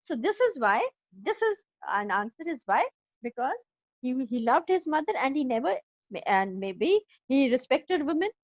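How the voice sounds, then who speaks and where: A woman's voice: sits high, big pitch swings, moderate pace, no echo, dull audio. A woman teaching an English class, explaining a story line by line with an Indian English accent and checking often that her students have understood.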